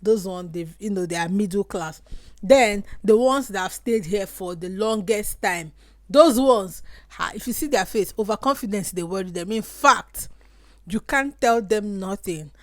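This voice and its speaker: A young Nigerian woman with a Nigerian accent, chatting casually to camera and mixing Pidgin asides into her lively storytelling. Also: medium pitch, unhurried, no echo, studio quality. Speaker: vlogger.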